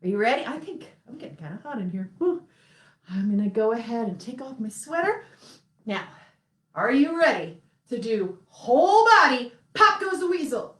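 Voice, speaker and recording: A woman's voice: on the high side, big pitch swings, normal speed, a bit bright. A young woman hosting a playful children's sing-along class, encouraging and laughing often. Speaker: children's music class host. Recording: roomy echo.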